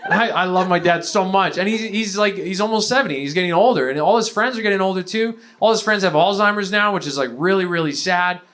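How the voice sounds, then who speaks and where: A man's voice: high-pitched, fast, few pauses, fairly bright tone. A young man from Canada doing a stand-up comedy set on stage, ranting profanely with lots of fillers. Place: comedy venue stage before a live audience.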